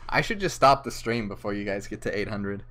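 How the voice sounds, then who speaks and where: Speaking briskly in a lowish, pushed, bright voice, a tipsy livestream host rambles through live chat and reads viewer comments aloud. He slurs, giggles and gets flustered easily, and he's indoors in a chilly room.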